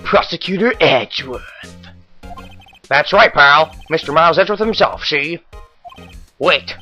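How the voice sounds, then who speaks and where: A man plays a gruff, bossy police detective from an old-school crime caper, talking in gangster slang. The voice sits a little high, bright and lively. It sounds dull and lo-fi, with faint game music under it. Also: unhurried, exaggerated voice. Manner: old-timey gangster talk, tacks on "pal" and "see?". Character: gruff tough-guy male police detective.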